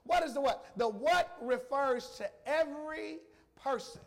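A man preaching a sermon, emotional and emphatic, repeating phrases and calling out to the congregation. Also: very high voice. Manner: emphatic, repetitive, slow emphasis; emotional, addresses congregation directly.

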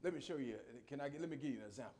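A middle-aged man preaching a sermon, swinging from quiet conversational asides to shouted, sung peaks and calling on the congregation. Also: medium pitch, rapid-fire.

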